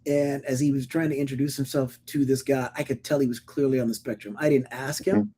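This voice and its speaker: A middle-aged man co-hosting a relaxed podcast, his voice dark and mellow. He tells stories casually, often restarting his sentences, and bursts into animated impressions of the people he quotes. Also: mid-range voice, brisk, husky. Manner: animated storytelling with acted-out quotes; stammering restarts. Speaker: podcast co-host. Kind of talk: casual conversation.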